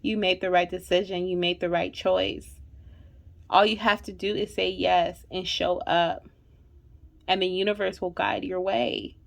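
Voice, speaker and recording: A woman's voice: on the low side, flat delivery, unhurried, creaky. A woman hosting a spiritual fertility channel, reading angel messages in a monologue. She sounds emotional and near tears, repeats her affirmations and keeps asking "okay?". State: holding back tears. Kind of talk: intuitive card reading monologue.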